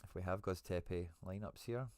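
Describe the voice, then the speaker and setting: A man with a fairly low voice hosts a live stream in a relaxed, chatty way. He thinks aloud as he goes and answers viewers by name. The sound is dry and close, with no room around it. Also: moderate pace, dry recording. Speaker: host.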